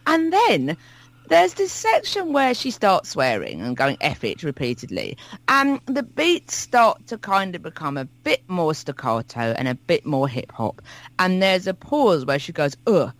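A podcast co-host tells a wry story about music in a chatty, casual way, often restarting his sentences. His voice is high-pitched with huge pitch swings, measured in pace and fairly bright, with no echo but poor audio quality.

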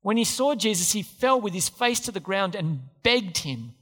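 A man's voice: high-pitched, sing-song, normal speed, fairly bright tone, in a large hall. A man preaching a sermon as pastor, emphatic and repeating key phrases. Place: church.

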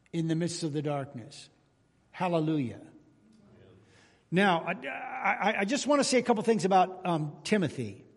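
A pastor preaching a sermon to his congregation, telling folksy stories and rising to loud exclamations. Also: high voice, breathy edge. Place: church sanctuary. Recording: long hall reverb in church.

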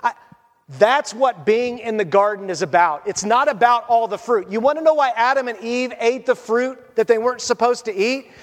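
A man preaching a sermon as a pastor, animated and conversational. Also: very high voice, moderate pace, long reverb tail.

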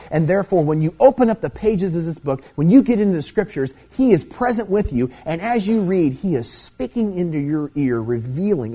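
A man's voice: fairly high pitch, warm tone. A middle-aged man preaching a sermon, teaching emphatically and checking in with "okay?" as he goes. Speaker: pastor.

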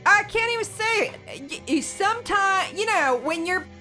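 A woman in casual podcast chat, halting with giggly hesitations. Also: very high-pitched, lively intonation, sharp tone, faint music behind. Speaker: podcast co-host.

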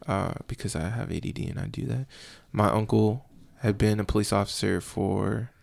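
Low gravelly man telling stories. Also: moderate pace. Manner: animated, acts out voices in his stories. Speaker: police officer guest. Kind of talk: casual podcast storytelling.

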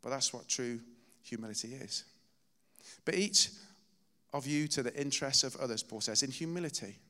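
Male preacher, chatty storytelling sermon, mid pitch, long hall reverb. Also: moderate pace, pushed and bright. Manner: conversational storytelling with self-deprecating humor. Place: church hall.

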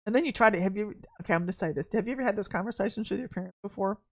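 In a casual podcast sermon, a woman with a mid-range voice talks in rapid-fire bursts. She tells stories animatedly, laughing and acting out the voices she quotes.

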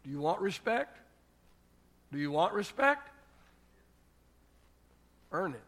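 Folksy older preacher, bright and emphatic. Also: male voice, high-pitched, big pitch swings, takes it slowly. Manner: folksy storytelling preacher, rising to emphatic exhortation. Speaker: pastor. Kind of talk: sermon.

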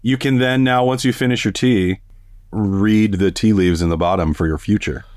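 A man's voice: lowish voice, normal speed, a little mellow, no echo, studio quality. Laid-back teasing man. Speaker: podcast co-host. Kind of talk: casual chat.

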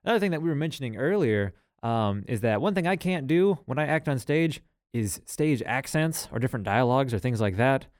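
A man's voice: mid-range voice, lively intonation, fairly quick, hardly any pauses, no room sound, clean studio sound. A man from Iowa hosting a casual chat, joking and laughing often. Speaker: podcast host.

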